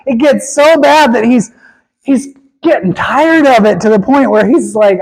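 High-voiced man preaching with swinging emphasis. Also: unhurried, slightly rough, rough recording. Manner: animated, swings between emphatic high calls and low quiet asides. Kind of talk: sermon.

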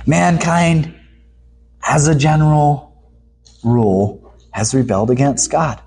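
A man preaching a sermon with emphasis, his voice rising high for the voices he quotes and dropping low when he reads scripture. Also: fairly even intonation, takes it slowly, darkish tone.

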